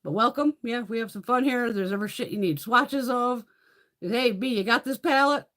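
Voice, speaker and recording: A woman's voice: on the high side, moderate pace, a bit bright. A middle-aged woman hosting a casual beauty livestream, chatting freely, swearing often and laughing between thoughts. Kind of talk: casual live chat.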